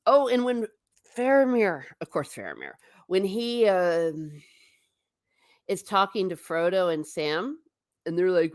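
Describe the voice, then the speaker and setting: Chatty woman streamer with a low voice. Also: animated, normal speed, no room sound, studio quality. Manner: chatty and emotional, laughs often, self-interrupting. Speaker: livestream host reading chat. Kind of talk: casual chat.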